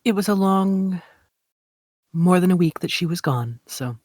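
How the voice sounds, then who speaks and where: A woman on a podcast whose voice is affected by illness, talking softly and trailing off at the ends of her sentences. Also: on the low side, lively intonation, measured pace, dry recording, studio quality. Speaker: podcast guest. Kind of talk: casual podcast chat.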